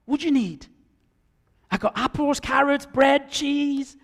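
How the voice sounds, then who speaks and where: A chirpy street-market hawker, as a preacher puts him on, calls out in a high, sing-song patter to coax passers-by to his stall. The voice rings through a large, echoey church hall. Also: unhurried, vocal fry, exaggerated voice. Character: chirpy, coaxing street-market vendor hawking goods.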